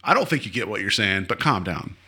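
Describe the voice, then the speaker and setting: A man co-hosting a podcast, recapping an episode in casual chat, animated and mocking, often mimicking the characters. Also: lowish voice, fast talker, slightly rough. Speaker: podcast co-host.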